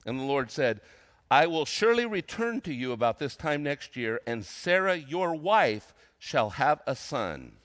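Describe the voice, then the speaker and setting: An older man, a retired senior pastor, preaching a sermon, reading scripture slowly and acting out quotes between casual comments. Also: on the high side, very animated, a bit bright. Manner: reads scripture slowly, then comments conversationally with dramatized quotes.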